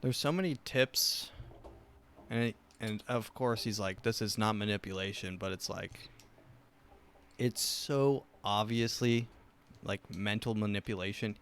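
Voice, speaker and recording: A man's voice: on the low side, slow, pauses often, clean tone. A young man hosting a casual chat show, rambling with lots of fillers and restarts. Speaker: podcast host.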